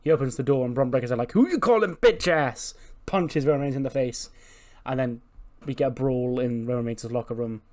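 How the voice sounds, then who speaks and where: A man's voice: mid-range voice, little pitch movement, fast, warm tone. A man hosting a playthrough, giving chatty, laughing commentary on a wrestling management game. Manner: chatty, laughing, recaps results. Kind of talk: casual commentary on a wrestling sim.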